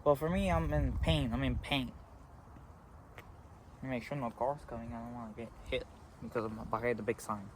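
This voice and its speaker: A teenage boy telling a story to a phone camera beside a road, halting and full of fillers. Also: medium pitch, fairly even intonation. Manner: rambling, halting, with frequent fillers. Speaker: vlogger. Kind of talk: casual storytelling. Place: outdoors by a road. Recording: faint traffic noise outdoors.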